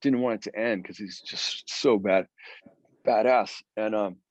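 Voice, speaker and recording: A man, a guitarist from the Philadelphia area, telling long animated stories in an interview with many restarts. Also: on the low side, unhurried, dry recording, dull audio. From Philadelphia area, USA. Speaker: guest guitarist. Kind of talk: storytelling interview chat.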